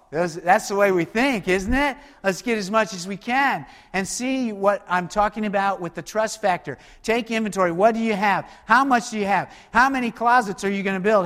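High-voiced man preaching in a reverberant hall. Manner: lively, conversational preaching with quick asides and call-and-response. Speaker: pastor. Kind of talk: sermon.

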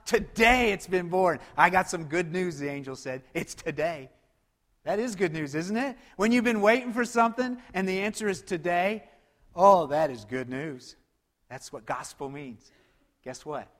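A man preaching a sermon, swinging between loud exclamations and hushed, quiet lines. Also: high-pitched, lively intonation, normal speed. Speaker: pastor. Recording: long hall reverb.

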